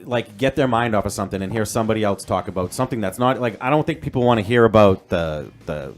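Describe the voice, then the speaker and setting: A man's voice: fairly low pitch, animated. A man hosting a casual chat, talking loosely with lots of "like" between his words. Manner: quick, loose talk with many "like" fillers. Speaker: host.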